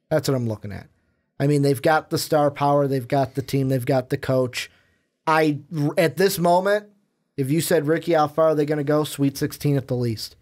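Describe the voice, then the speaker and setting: A man co-hosting a casual sports podcast, chatty and jokey as he talks through games and picks. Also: fairly high pitch. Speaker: podcast co-host.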